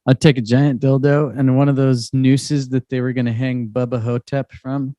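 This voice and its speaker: A man's voice: mid-range voice, little pitch movement, moderate pace, warm tone, no room sound. A man from Idaho co-hosting a podcast in casual profane chat, dry and laid-back with wry asides. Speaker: podcast co-host.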